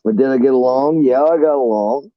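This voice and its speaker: A man's voice: medium pitch, fairly quick, no room sound, muffled recording. A man casually telling rambling, profane stories about his navy days on a live chat.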